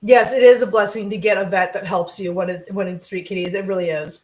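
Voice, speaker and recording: Her voice sits in the mid-range, brisk and steady with a darkish tone, as she chats emotionally with livestream viewers and pours out thanks while cooking in her home kitchen. The room is echoey and the recording rough.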